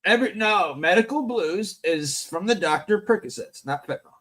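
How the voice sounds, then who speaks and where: Man, high voice, live stream host, emphatic and profane, reads the chat aloud. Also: lively intonation, moderate pace, a bit bright, no echo.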